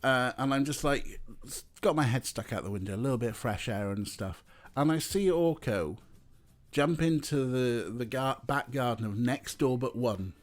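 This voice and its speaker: A man's voice: medium pitch, moderate pace. A young man streaming, chatting casually and talking to his cats as he plays. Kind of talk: casual live-stream chat.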